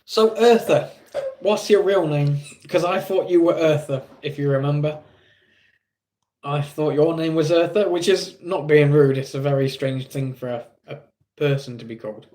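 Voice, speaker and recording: A man's voice: a little high, normal speed, a little mellow, a little hiss or hum. A man with an English accent streaming live, chatting casually with viewers in a rambling, self-deprecating way.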